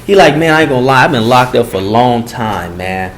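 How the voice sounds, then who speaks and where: A man speaking to a group about gang and drug prevention, telling a story and acting out the quotes with big swings in voice. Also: brisk. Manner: animated, acts out quotes with swings in pitch and volume. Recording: echoey room with faint noise.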